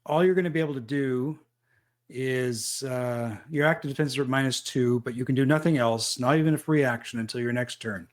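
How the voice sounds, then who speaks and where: A man running a tabletop role-playing game as game master, describing the action with frequent pauses and fillers. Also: medium pitch. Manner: measured, thinking aloud with fillers.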